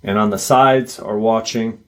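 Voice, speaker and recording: Male storyteller, low voice, slow loose delivery, casual with profanity. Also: steady tone, fairly bright tone. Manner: unhurried, conversational, with fillers and swearing. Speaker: paranormal story narrator. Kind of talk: casual retelling of a listener's encounter.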